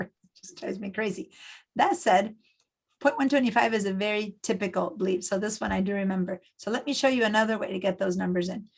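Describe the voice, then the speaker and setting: A woman's voice: medium pitch, gravelly, poor audio. A middle-aged woman from Argentina, teaching a design class over a video call in a chatty, step-by-step way with lots of fillers. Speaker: design instructor. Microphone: computer mic on a video call.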